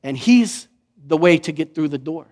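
A man preaching a sermon as pastor, in an animated, conversational way, acting out the voices he quotes. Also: on the high side, moderate pace.

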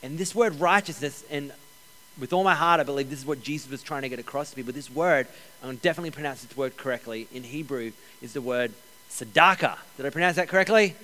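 A man preaching a sermon as pastor, energetic, repeating key phrases and joking with the congregation. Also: medium pitch, fast. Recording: long hall reverb.

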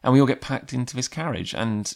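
A man's voice: mid-range voice, animated, brisk, creaky, darkish tone. A man telling a personal anecdote in a chatty, rambling way with lots of fillers. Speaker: comic creator. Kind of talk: casual personal storytelling.

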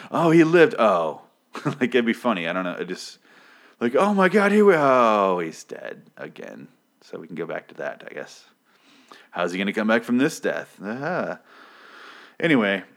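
A man with a deep, low voice talks through a TV episode recap. He rambles and swears, and his tone stays casual and offhand. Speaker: podcast host recapping a TV episode.

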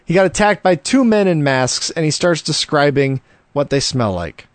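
A man hosting a casual podcast, joking and laughing as he talks in quick bursts into a close mic. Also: a little high, lively intonation, dry recording. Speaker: podcast host. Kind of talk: casual chat reviewing wrestling.

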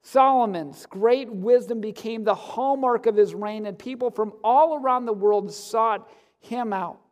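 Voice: medium pitch, unhurried, darkish tone. A pastor giving a casual, joking sermon from a church stage, full of fillers and asides. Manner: conversational, joking, many fillers. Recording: long hall reverb.

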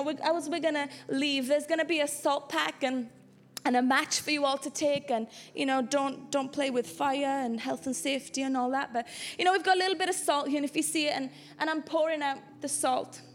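A woman's voice: high-pitched, fairly even intonation, normal speed. A woman pastor, preaching an earnest sermon to her church that builds to impassioned exhortation. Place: church hall.

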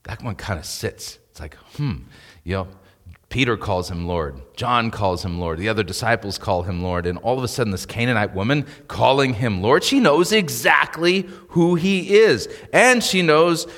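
A man's voice: lowish voice, normal speed, a bit bright, long reverb tail. A male pastor preaching a sermon in a conversational way, rising to emphatic peaks.

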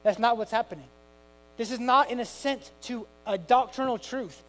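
A middle-aged man preaching a sermon with passion, moving from hushed tones to loud cries. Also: very high voice, normal speed, rough recording. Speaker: pastor.

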